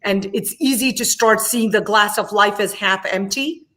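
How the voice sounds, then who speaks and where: A woman gives an interview as the guest. She speaks passionately, stresses her points and repeats words to drive them home. Her voice sits at an ordinary middle pitch. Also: normal speed, fairly bright tone. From India. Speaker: guest, immigration attorney.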